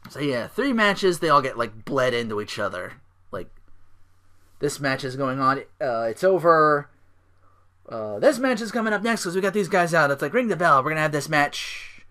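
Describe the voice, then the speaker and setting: A man's voice: fairly high pitch, expressive, normal speed, pushed and bright. A man hosting a casual solo podcast. He talks in a rambling, profane way with lots of fillers. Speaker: podcast host.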